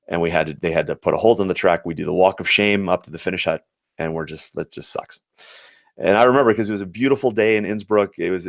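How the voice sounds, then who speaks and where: This low, creaky male voice comes through dry and at studio quality. He's an American in his forties, a former Olympic athlete, sharing earnest, reflective anecdotes in an interview and frequently restarting his sentences.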